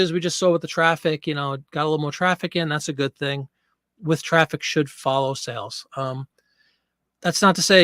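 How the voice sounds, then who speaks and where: A man's voice: a little high, a bit bright, dry recording, studio quality. Breathless chatty man hosting a live stream. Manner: chatty, reads viewer comments. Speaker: livestream host. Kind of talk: casual live chat.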